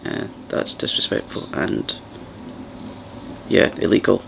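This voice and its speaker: A man hosting a soft-spoken ASMR chat, rambling and partly whispering as he talks. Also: slow pace, a little hiss or hum. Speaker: ASMR channel host.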